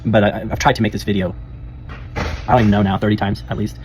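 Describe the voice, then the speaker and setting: A man's voice: on the low side, level tone, quick pace, darkish tone, slight background noise. A young man speaking casually and earnestly in a rambling personal monologue, often laughing and restarting his sentences. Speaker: life coach.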